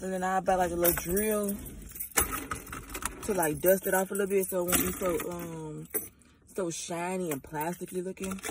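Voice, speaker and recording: A woman vlogger chatting casually to camera while driving, talking slangy and profane and calling her viewers y'all. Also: lowish voice. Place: inside a car while driving. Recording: loud car and road noise. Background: car engine and road noise.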